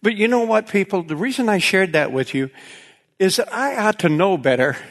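Folksy, animated male preacher. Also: high voice, moderate pace. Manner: folksy, animated, laughs often. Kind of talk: storytelling sermon.

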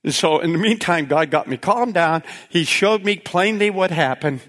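A man preaching, telling a folksy personal story with frequent laughter and animated retelling. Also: sits high, moderate pace. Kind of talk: storytelling sermon.

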